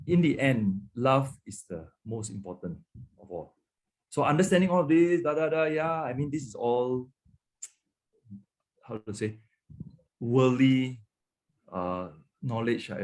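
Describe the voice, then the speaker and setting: A man with a Malaysian English accent, a pastor teaching a webinar on marriage in a conversational way. He repeats words often and keeps checking in with "okay" and "right". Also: medium pitch. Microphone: webinar microphone.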